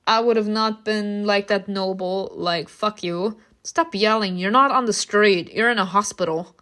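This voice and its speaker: A woman's voice: mid-range voice, unhurried, fairly bright tone. A woman reading a story game aloud to viewers, breaking off into blunt, swearing asides. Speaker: game streamer reacting.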